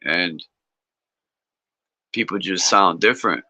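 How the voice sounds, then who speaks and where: A man's voice: deep voice, takes it slowly, pushed and bright, dry recording. A man chatting casually, blunt and swearing now and then. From northeastern United States. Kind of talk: casual chat. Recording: dry, dull lo-fi call audio.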